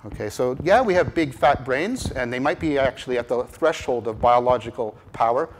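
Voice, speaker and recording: A man giving a conference lecture on cognitive science, with animated emphasis, rhetorical repeated questions and frequent restarts. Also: mid-range voice, moderate pace, slight background noise. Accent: Canadian English. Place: lecture room.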